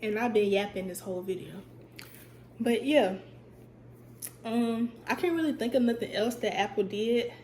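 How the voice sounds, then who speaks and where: Speaking at medium pitch, a young woman on her vlog shares a chatty, animated storytime and drives points home through emphatic repetition. Her voice sounds a bit stuffy and keeps cutting in and out. There's an echoey room and a faint hiss or hum.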